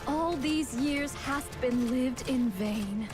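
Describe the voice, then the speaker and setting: A woman's voice: high voice, slow. A woman voicing a solemn young female swordswoman in a video game, speaking in formal, old-fashioned phrasing over game music.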